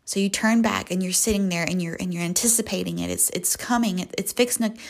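A young woman hosting a devotional podcast, slowly and softly guiding a visualization, sometimes dropping to a whisper. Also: fairly low pitch, steady tone, vocal fry. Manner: slow, soft and reflective, often near a whisper. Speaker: podcast host. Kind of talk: guided visualization and devotional talk.

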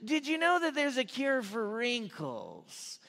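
Man playing a weird older aunt: high, slow, drawling, deadpan, echoey hall. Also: creaky, full character voice. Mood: quizzical. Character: odd, socially awkward older aunt, woman.

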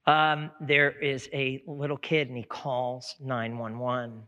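A man's voice: mid-range voice, little pitch movement, takes it slowly, bright, forceful tone, clear, resonant tone. A middle-aged male pastor preaching a sermon, conversational and folksy, building to fervent exhortation. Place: church sanctuary. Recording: long church hall reverb.

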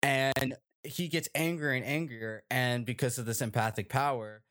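A man hosting a casual group chat show, talking in an animated, rambling way with many fillers and tag questions. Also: medium pitch, moderate pace. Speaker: podcast host.

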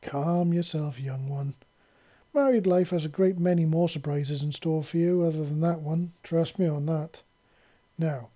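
A narrator voicing a gruff male alien commander who gives brisk, dryly teasing orders, louder and higher than the narration. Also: close to an everyday voice.

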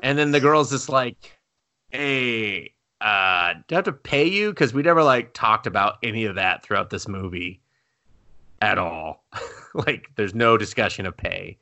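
A young adult man co-hosting a podcast in casual chat, animated and laughing, swearing freely and acting out scenes. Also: fairly low pitch, unhurried. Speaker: podcast co-host. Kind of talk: casual chat reviewing anime.

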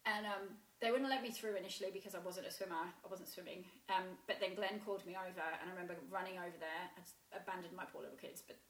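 A woman telling a painful personal story in a halting way, with many restarts and fillers. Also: lowish voice, steady tone, a bit bright. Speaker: guest sharing a personal story. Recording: roomy echo.

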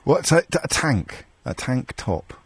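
Lively teasing radio host man. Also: mid-range voice, slightly rough, no echo. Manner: teasing, quick-witted, mock-indignant. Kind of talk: bantering call-in radio chat.

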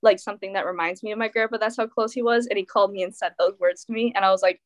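A woman's voice: mid-range voice, very fast. A teenage girl telling a dramatic personal story in casual chat, full of fillers and quoted dialogue. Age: teens. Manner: animated storytelling, many fillers. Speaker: teen guest.

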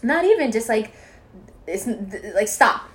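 A woman in casual chat, telling a story with animated bursts of laughing shouts. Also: fairly high pitch, unhurried.

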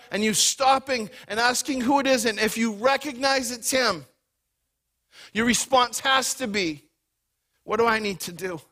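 Bright, high-voiced preaching man. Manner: energetic, conversational preaching with quick bursts. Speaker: pastor. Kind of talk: sermon. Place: church hall before a congregation.

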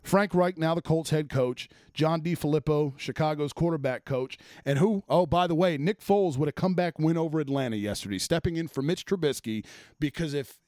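A man's voice: a little high, brisk, a little mellow, no echo, clean studio sound. A man ranting about sports as a host, blunt and exasperated, swearing freely. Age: adult, former offensive lineman. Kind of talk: profane sports rant.

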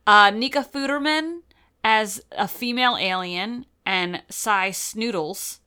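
A woman's voice: medium pitch, takes it slowly, bright, forceful tone, smooth. A woman co-hosting a casual podcast, chatting and reading off a cast list. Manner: chatty, reads cast lists, bursts into silly voices. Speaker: podcast co-host. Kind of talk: casual chat.

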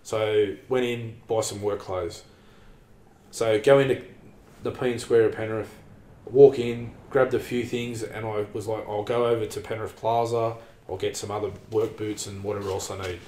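A man's voice: fairly low pitch, steady tone, moderate pace, a little mellow, roomy sound. An Australian man telling a long story in casual chat, rambling and sweary, peppering his talk with "man" and "like".

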